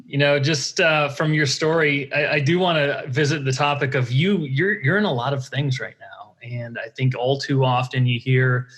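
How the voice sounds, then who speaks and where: A man's voice: medium pitch, normal speed, few pauses, fairly bright tone. Conversational male podcast co-host. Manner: admiring, conversational. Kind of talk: casual interview chat.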